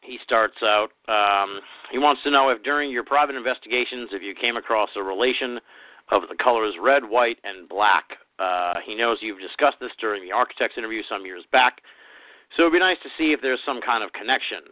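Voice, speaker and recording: A man's voice: mid-range voice, a little fast, no room sound. A man hosting a podcast, chatting casually and reading out listener questions with plenty of fillers. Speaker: podcast host. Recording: tinny phone-line sound, dry.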